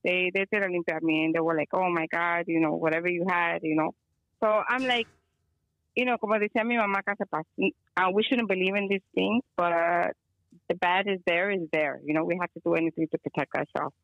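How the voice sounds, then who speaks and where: This guest healer, a woman on a phone or video call, spins a long, meandering tale peppered with Spanish and lots of fillers. She sounds low but fairly bright, steady in tone and a little quick, with no echo over the dull lo-fi line.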